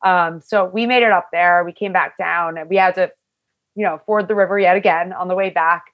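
A young woman casually telling a long story, talking loosely with lots of "like" fillers and animated, quoted asides. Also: fairly low pitch, a little fast, muffled recording. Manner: chatty, full of "like" fillers, animated retelling. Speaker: hiker telling her story.

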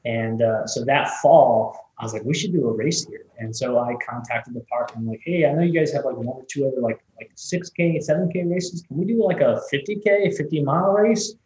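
A man's voice: mid-range voice, fairly quick, few pauses, darkish tone, echoey room, low-quality recording. A man, a race director, telling stories in a casual, rambling interview, with many restarts and fillers. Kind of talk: conversational interview storytelling.

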